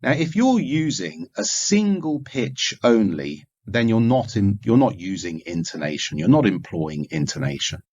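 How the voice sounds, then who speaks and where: A man giving a recorded lecture, explaining points in a measured way with occasional fillers. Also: medium pitch, big pitch swings, creaky, a little mellow, husky. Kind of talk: recorded lecture on communication skills. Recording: dull lo-fi recording.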